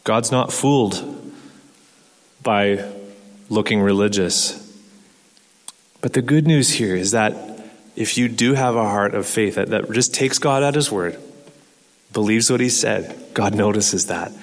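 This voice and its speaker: A man's voice: lowish voice, measured pace, pauses often. A man preaching a sermon in an earnest way, asking rhetorical questions and repeating words as he restarts. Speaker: pastor. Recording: long hall reverb.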